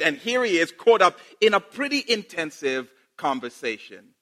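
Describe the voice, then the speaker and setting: A man preaching a sermon in a playful, animated way, laughing and repeating phrases for emphasis. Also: sits high, moderate pace, hardly any pauses.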